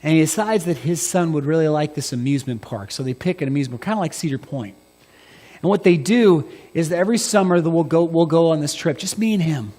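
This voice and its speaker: Animated male preacher in an echoey church. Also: on the high side, fast. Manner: animated storytelling, swinging from loud emphasis to hushed. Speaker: pastor. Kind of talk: sermon.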